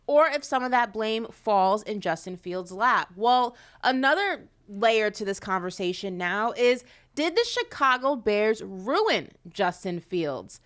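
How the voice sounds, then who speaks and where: Lively woman hosting a sports show. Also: medium pitch, measured pace, few pauses. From New York. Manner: lively, assertive, steers the conversation. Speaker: host. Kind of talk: casual sports talk and scripted segments.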